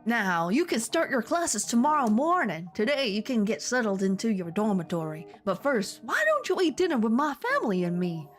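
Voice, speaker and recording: A woman voicing a kindly older male Southern reverend with a put-on Southern twang and a gentle drawl. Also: on the high side, sing-song, moderate pace, hardly any pauses, soft background music. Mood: warm inviting.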